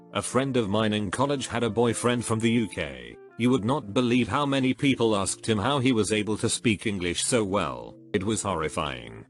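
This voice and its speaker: A man narrating online posts in a steady, scripted reading. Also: on the low side.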